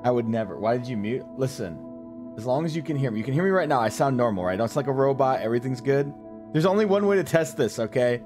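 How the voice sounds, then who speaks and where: A man's voice: mid-range voice, lively intonation, fast talker, music in the background. A man streaming live, chatting to his viewers in a joking, profane way while testing a voice changer. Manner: joking, profane, addresses chat directly. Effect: voice changer being tested. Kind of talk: casual livestream chat.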